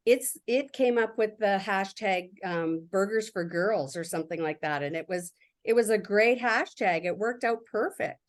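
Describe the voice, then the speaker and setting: A woman's voice: medium pitch, moderate pace, few pauses. A woman giving a casual workshop walkthrough, reading her prompts aloud and talking about the results with enthusiasm. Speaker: workshop presenter.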